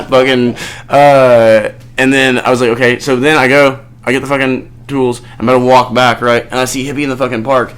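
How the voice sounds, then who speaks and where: A man hosting a podcast, telling a rambling story in casual chat with lots of swearing and animated outbursts. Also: mid-range voice, moderate pace, clean tone. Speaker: podcast host.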